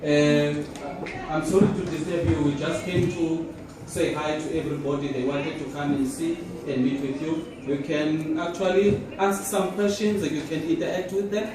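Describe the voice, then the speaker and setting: A man's voice: a little high, fairly even intonation, normal speed, music in the background. A man, a school principal, politely introducing a class. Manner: polite, hesitant. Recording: distant, echoey, crowd of pupils.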